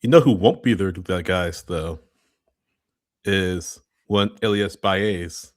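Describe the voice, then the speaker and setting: A man's voice: deep voice, takes it slowly, dry recording, clean studio sound. A man co-hosting a casual sports podcast, chatty and laughing often, correcting himself as he goes. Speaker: podcast co-host. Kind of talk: casual chat.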